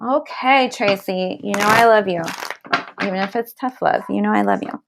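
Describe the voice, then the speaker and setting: A woman with a medium-pitched, creaky voice gives a live tarot reading at normal speed, with background noise audible. Talking straight to viewers, she hands out blunt, emphatic tough love, swears a bit, and keeps asking "okay?" and "all right?"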